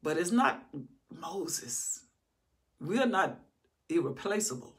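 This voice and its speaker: Gravelly, emphatic woman teaching scripture. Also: deep voice, expressive, moderate pace, fairly bright tone. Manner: emphatic, reads scripture then preaches on it with rising force. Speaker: Bible teacher. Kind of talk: Bible study teaching.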